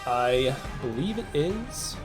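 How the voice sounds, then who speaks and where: A man narrating as game master in a relaxed way, with loose fillers and chuckles. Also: mid-range voice, takes it slowly, faint music behind.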